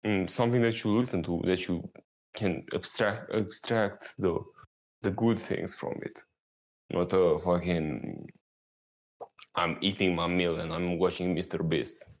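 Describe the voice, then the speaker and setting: A man's voice: sits low, fairly even intonation, measured pace. A young man rambling casually as a vlogger, laid-back and meandering, swearing now and then. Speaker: YouTuber. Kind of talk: rambling casual vlog talk.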